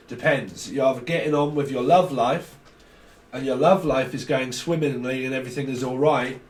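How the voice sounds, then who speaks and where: A man giving a casual, rambling tarot reading full of jokes. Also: medium pitch. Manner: rambling, joking, laughs often. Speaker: tarot reader. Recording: roomy, distant mic.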